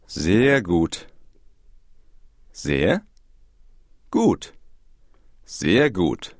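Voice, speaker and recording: A man speaking short phrases slowly and carefully for learners to repeat in a language course. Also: sits low, big pitch swings, no echo, studio quality. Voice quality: slow, carefully articulated.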